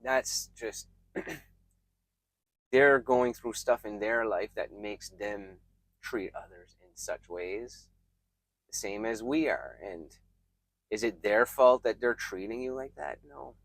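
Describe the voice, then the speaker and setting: A man giving reflective, emphatic self-help advice straight to his viewers, pausing often and restarting his sentences. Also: on the low side, gravelly, fairly bright tone, no echo. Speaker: self-help video creator. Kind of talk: earnest self-help talk to camera.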